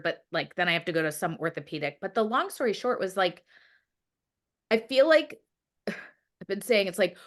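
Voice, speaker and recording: A woman's voice: medium pitch, a bit bright. A woman telling a personal story in a casual interview, rambling with many fillers and acting out her own past words. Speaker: guest.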